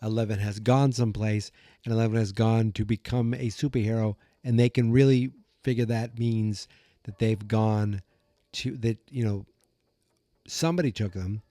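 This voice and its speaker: A man's voice: lowish voice, steady tone, moderate pace, dark tone, dry recording. Man, podcast host, dry close sound, casual rambling recap, lots of ums. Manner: rambling, musing, many fillers. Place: room at home with the door open. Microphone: podcast mic.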